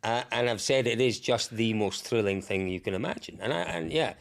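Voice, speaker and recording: A man who is a guest on a podcast, telling vivid, excitable stories in casual chat and swearing freely. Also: on the low side, a little fast, vocal fry. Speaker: podcast guest, rally commentator. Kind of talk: animated storytelling in casual chat.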